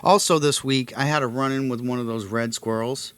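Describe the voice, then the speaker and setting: A man's voice: mid-range voice, steady tone, fairly quick, clear, resonant tone. A man hosting a casual comedy podcast, telling rambling stories and ranting in an exaggerated way. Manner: rambling storyteller, exaggerated rants. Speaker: podcast host.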